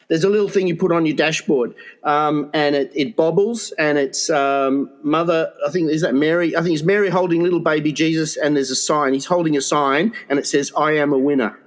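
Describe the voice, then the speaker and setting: Rambling, laughing comedy podcast host. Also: male voice, fairly high pitch, steady tone, normal speed. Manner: rambling, stumbling storyteller who laughs a lot. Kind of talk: crude comedy banter.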